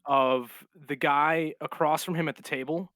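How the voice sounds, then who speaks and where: A man's voice: fairly high pitch, steady tone, unhurried, a bit bright, no echo. Joking man describing his character, dry mic. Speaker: player. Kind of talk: casual tabletop role-play.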